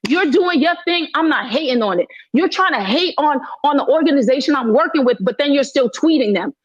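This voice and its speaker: A high-pitched woman talks heatedly and emphatically in an online audio room, circling back over her points with indignation. The sound is dry and close, with the slightly dull quality of a phone microphone. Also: expressive, a little fast, no echo. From Haitian heritage. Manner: indignant, emphatic, repeats herself. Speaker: guest speaker in an audio chat room.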